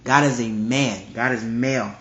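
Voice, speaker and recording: A man's voice: mid-range voice, fairly even intonation, normal speed, fairly bright tone, a little hiss or hum. A man giving a casual verse-by-verse Bible study, reading scripture aloud and repeating his points with emphasis. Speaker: Bible teacher. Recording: roomy, dull lo-fi recording.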